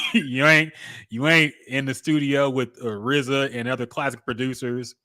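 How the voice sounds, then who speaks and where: A man's voice: mid-range voice, flat delivery, unhurried, pushed and bright, no echo, clean studio sound. A man co-hosting a music podcast, giving laid-back, candid opinions in casual chat. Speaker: podcast co-host.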